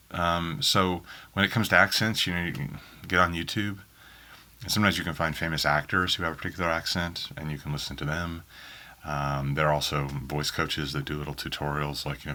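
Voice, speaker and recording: Recorded in a small home booth set up in a spare bedroom, an Oklahoma man with a faint Southern accent works as an audiobook narrator and answers interview questions. His bass voice has a sharp tone, and he rambles, filling his answers with ums and restarts.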